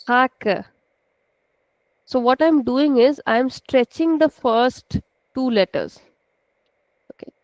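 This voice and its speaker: A woman's voice: fairly high pitch, a little mellow, dry recording, rough recording. A woman with an Indian accent, a native Hindi speaker, teaching a language class over a video call and patiently checking in with her students. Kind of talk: online class lecture.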